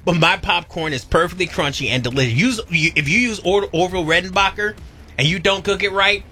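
A man co-hosting a radio show in casual banter, animated and wisecracking, often going off on tangents. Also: sits high, fairly quick, background noise.

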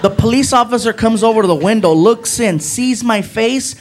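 A male stand-up comedian telling an animated story, tagging lines with "right?" and "man", in a noisy live club. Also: very high voice, normal speed, few pauses.

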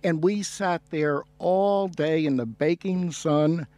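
A man hosts a radio interview, talking slowly and with many restarts as he reminisces. His voice is mellow and sits a little high. It sounds dry and close to the mic. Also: no echo. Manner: slow, rambling, reminiscing with restarts. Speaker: radio host.

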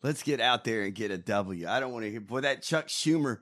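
A man ranting in a casual chat, animated and full of cursing. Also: medium pitch, a little fast. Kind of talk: casual profane political rant.

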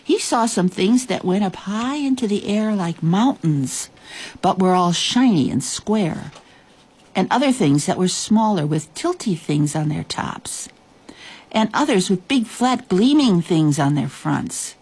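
A woman narrating a children's story, expressive and drawing out words. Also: mid-range voice, breathy edge. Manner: expressive, drawn-out reading.

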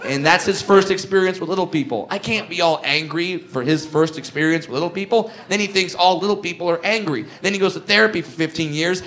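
A man with a notably high voice works through a stand-up set, swearing freely and shouting his punchlines. It sounds like a live club recording with plenty of background noise. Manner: profane, animated, shouts punchlines. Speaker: stand-up comedian. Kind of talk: stand-up comedy routine.

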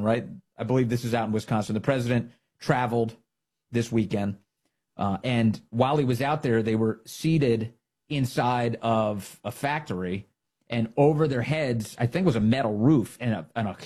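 A man's voice: medium pitch, moderate pace, a little mellow, slightly rough. A man hosting a political commentary show, talking in a sarcastic, mocking and indignant way.

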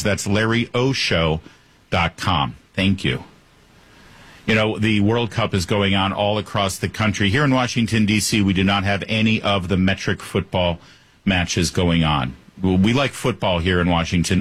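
A male radio host riffs through a sarcastic, joking monologue with wide swings in pitch. His voice sits on the low side and has a husky edge. The studio microphone sound is close and dry. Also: a bit bright, no echo. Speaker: radio talk show host.

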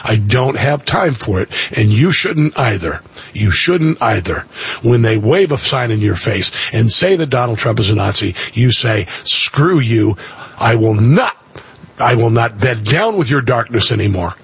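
A man's voice: mid-range voice, expressive, measured pace, slightly rough. A man in his sixties hosting a talk radio show, delivering an impassioned, preachy monologue and repeating phrases for emphasis. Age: 60s.

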